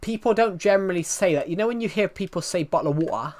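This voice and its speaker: A man's voice: high voice, fast, a little mellow. Guy streaming a game live, rambling along, answering chat, restarting sentences. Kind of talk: casual live-stream chat while playing.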